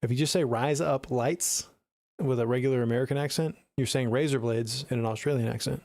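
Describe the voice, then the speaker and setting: A man's voice: medium pitch, steady tone, a little fast, a little mellow, dry recording. A man streaming live as a music producer, chatting casually and answering his viewers' messages by name. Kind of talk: casual livestream chat.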